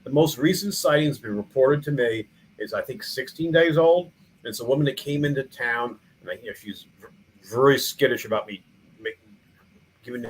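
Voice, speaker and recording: On a low-quality recording with a bit of hiss or hum, a middle-aged man with a mid-range voice recounts stories in a casual interview. He's a small-town mayor and museum founder, and his talk is rambling and animated, riddled with restarts and fillers.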